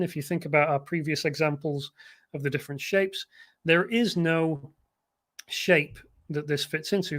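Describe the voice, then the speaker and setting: A man's voice: on the high side, fairly bright tone. A man hosting a livestream lesson, casually critiquing design examples with frequent restarts and occasional chuckles.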